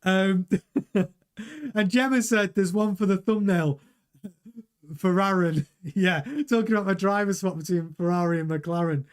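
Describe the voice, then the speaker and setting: Reading the live chat on his stream, a middle-aged host talks casually and animatedly in a high, smooth voice at a moderate pace. He frequently restarts his sentences and repeats words.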